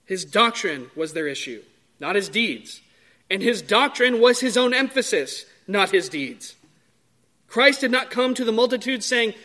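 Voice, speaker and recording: A man preaching a sermon in a measured, emphatic way, drawing out key words. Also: very high-pitched, lively intonation, bright, forceful tone.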